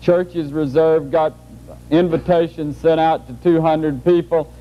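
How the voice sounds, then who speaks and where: A man's voice: on the high side, fairly even intonation, unhurried, muffled recording, faint music behind, pitched above the performer's own voice, close to an everyday voice. A man quoting a glum young fiancé who lists his excuses in a resigned voice.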